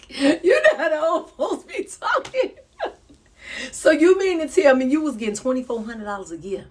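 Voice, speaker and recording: A woman, reacting to a video in an animated, preachy way with laughing asides. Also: high-pitched, normal speed. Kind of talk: reaction commentary.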